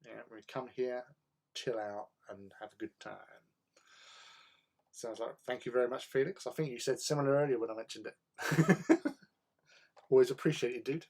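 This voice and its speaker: A man hosting a casual hobby livestream, chatting in a relaxed way and answering viewers' chat while he paints. He often repeats words as he thinks. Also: medium pitch, normal speed, pauses often. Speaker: livestream host.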